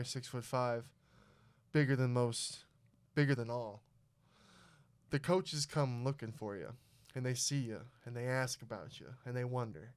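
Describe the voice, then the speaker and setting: A young male podcast host tells a story in a casual, profane way, animatedly acting out the people in it and their quotes. His voice is mid-range and clean, at normal speed.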